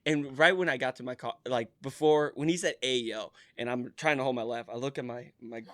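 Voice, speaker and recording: A man in his thirties co-hosting a casual podcast, telling animated stories, often laughing and acting out voices. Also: medium pitch, brisk, no echo, studio quality. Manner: animated storyteller, laughs a lot, acts out voices. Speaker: podcast co-host. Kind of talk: casual chat.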